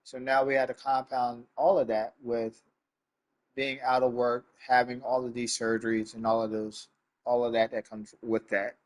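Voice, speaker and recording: Male streamer, mid-pitched, heartfelt and choked up, stuffy-nosed, talking straight to viewers. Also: little pitch movement, moderate pace. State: stuffy nose, near tears. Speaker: sim racing streamer. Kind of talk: live stream talk to chat.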